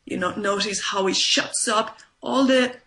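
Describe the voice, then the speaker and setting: Bright-voiced woman life coach. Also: mid-range voice, a little slow. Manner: emphatic, repeats points with "right?" and "you know". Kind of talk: conversational interview.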